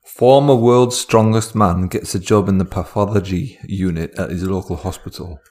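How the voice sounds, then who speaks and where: A man, co-hosting a comedy podcast, reading out prompts and teasing his partner deadpan. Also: low-pitched, normal speed. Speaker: podcast co-host. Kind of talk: improvised comedy podcast chat.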